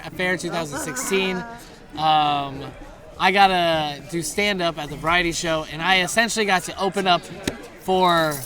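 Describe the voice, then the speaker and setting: A man giving a rambling, anecdotal wedding toast outdoors, laughing as he tells a story and mimicking voices in the quotes. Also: high-pitched.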